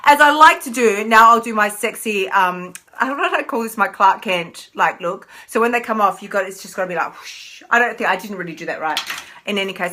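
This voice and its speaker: A woman's voice: a little high, bright, forceful tone. A middle-aged woman, a weight-loss coach hosting a live stream, talking in a playful, emphatic way and repeating phrases for effect. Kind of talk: live-stream motivational talk.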